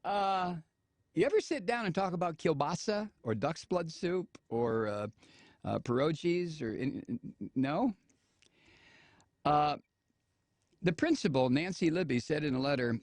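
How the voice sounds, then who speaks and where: A man's voice: fairly high pitch, lively intonation, measured pace, a little mellow, no echo, studio quality. An older man hosting a talk show, giving casual sarcastic commentary with laughing asides and frequent restarts.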